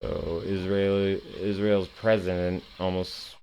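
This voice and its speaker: Male host, lower register, sarcastic and foul-mouthed, rambling delivery over news headlines. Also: little pitch movement, takes it slowly, warm tone, clean tone. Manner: sarcastic, profane, rambling with restarts. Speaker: commentary show host.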